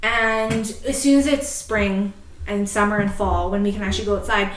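Woman, podcast co-host, casual storytelling, frequent laughter, swearing, middle pitch, echoey room. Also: fairly even intonation, moderate pace.

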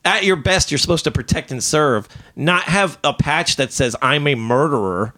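A man's voice: on the high side, normal speed. A man hosting a podcast, ranting in casual chat with lots of swearing and sudden outbursts. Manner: animated profane ranting. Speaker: podcast host.

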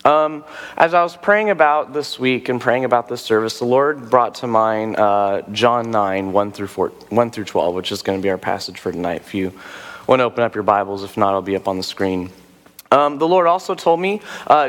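A hoarse male pastor preaching in a casual, self-deprecating way, his voice dropping low at the ends of phrases. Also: brisk, a bit bright, in a large hall. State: hoarse after a nap. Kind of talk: sermon teaching. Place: church sanctuary.

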